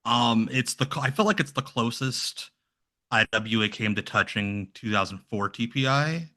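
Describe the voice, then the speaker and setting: Bright-voiced man in casual chat. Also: medium pitch, moderate pace. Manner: rambling, animated impressions of others. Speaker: podcast guest.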